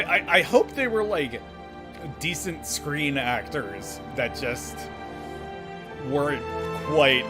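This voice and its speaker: A man doing critical live gameplay commentary, sarcastic and swearing, with frequent laughs. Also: medium pitch. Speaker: game streamer.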